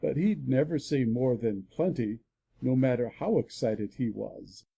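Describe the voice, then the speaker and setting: A man's voice: medium pitch, unhurried, vocal fry, warm tone, slightly rough, lo-fi sound. A man voicing a country doctor who teases with mock seriousness in a full-cast audiobook. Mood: dryly teasing. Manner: dry mock-serious teasing. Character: joking, grave older country doctor.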